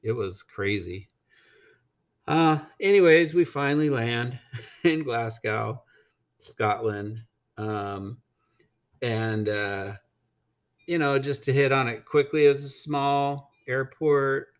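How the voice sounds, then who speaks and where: A man's voice: medium pitch, slow pace, long pauses. A man telling a casual travel story, blunt and rambling, with frequent swearing and filler words. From United States. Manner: blunt, swears freely, rambling with many ums. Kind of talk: casual anecdote.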